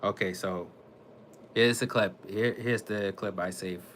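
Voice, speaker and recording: A man with a lowish, bright voice talks casually to his viewers about gaming. He rambles, repeats himself and often restarts mid-sentence. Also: fairly even intonation, unhurried, a little hiss or hum. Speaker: gaming vlogger. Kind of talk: casual monologue to camera.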